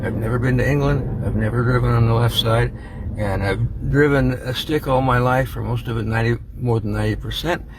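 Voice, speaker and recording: An older man narrates a casual travel vlog about his trip, chatty and self-deprecating, partly outdoors in a city. His mid-range voice is brisk, and there's background noise.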